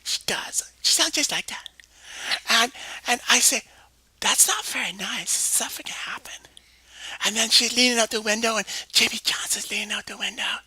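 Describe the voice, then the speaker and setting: A woman's voice: fairly high pitch, moderate pace, bright, forceful tone, breathy edge, no echo, full character voice. A woman voicing a naive, chattering eight-year-old girl who rambles breathily through her story with stammered restarts, often half-whispering. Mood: childish chatter. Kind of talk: comedic one-woman voice sketch.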